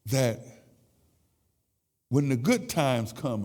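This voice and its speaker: A man in his sixties giving an emotional, halting sermon testimony in a church sanctuary. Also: mid-range voice, a little mellow. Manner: emotional, halting with repeated words. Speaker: church speaker. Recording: echoey church hall.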